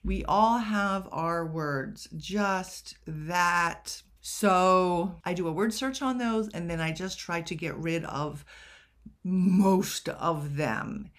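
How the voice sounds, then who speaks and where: Slow, chatty woman teaching writing. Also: on the low side. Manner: chatty, rhetorical questions, self-deprecating asides. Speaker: writing coach. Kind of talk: casual editing tutorial.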